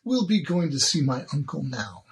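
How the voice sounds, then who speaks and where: A man's voice: fairly high pitch, very animated, moderate pace, a bit bright. A man voicing a young-looking female elf noble, sweetly polite and a little amused, over noisy binaural recording. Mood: gracious.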